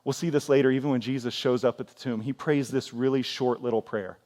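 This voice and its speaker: A man in his forties preaching a sermon in a church, telling stories in a lively way and acting out scenes with sudden loud outbursts. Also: medium pitch, a little fast. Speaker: pastor. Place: church sanctuary.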